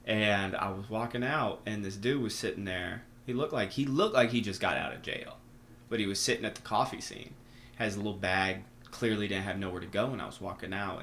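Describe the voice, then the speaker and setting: Animated, slangy young man. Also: fairly low pitch, fairly quick, slight background noise. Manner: animated storytelling, heavy swearing and slang. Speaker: podcast guest. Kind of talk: casual conversation.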